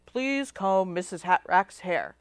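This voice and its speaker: A woman voicing a gruff, bossy aunt who runs a hair salon, grumbling and thundering at her niece. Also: fairly low pitch, expressive, slow, dry recording, pitched below the performer's own voice.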